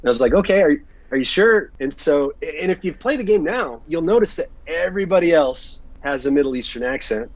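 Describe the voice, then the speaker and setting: An American man with a husky, slightly breathy voice tells his stories in a lively, casual way and acts out what others said. The sound is dry and a little dull. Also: fairly high pitch, a little fast, few pauses, no echo. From United States. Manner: animated storyteller, acts out quoted lines. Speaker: actor, interview guest. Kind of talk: casual interview storytelling.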